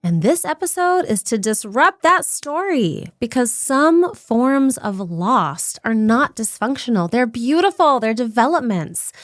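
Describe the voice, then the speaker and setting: A woman hosting a reflective self-help podcast, coaching the listener directly in a gentle, encouraging way. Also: fairly high pitch, dry recording, clean studio sound. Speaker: podcast host.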